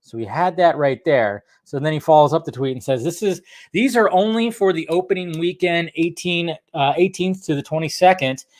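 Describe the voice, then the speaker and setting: A man's voice: on the high side, moderate pace, hardly any pauses, darkish tone. A man hosting a casual live stream, greeting viewers by name and rambling in a jokey way.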